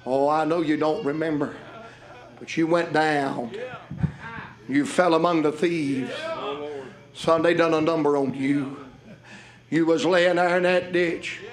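A man voicing a kindly male innkeeper who consoles a beaten traveler in a low, homespun way.

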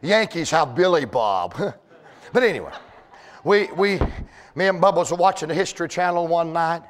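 High-voiced preacher, folksy and shouting. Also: male voice, animated. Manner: folksy storytelling, building to shouted preaching with drawn-out words. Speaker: pastor. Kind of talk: sermon.

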